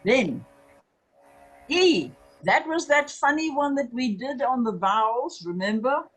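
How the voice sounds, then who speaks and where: Very slow, husky-voiced language teacher. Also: sits high, lively intonation, a bit bright, faint music behind, poor audio. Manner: drills words by slow repetition; patient, checks understanding with "okay?" and "remember". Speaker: Hebrew teacher. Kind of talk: classroom lecture.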